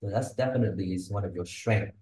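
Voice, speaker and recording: This male English tutor sits low in pitch and moves at a quick pace, his voice mellow and dark. Giving one-on-one pronunciation feedback, he demonstrates words and keeps asking short "yeah?" and "okay?" questions in a room with echo.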